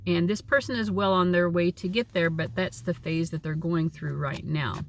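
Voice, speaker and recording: A woman's voice: lowish voice, steady tone, moderate pace, a little hiss or hum. A woman giving a casual, chatty tarot reading, with a lot of likes and you knows. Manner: chatty, uses many fillers. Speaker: tarot reader.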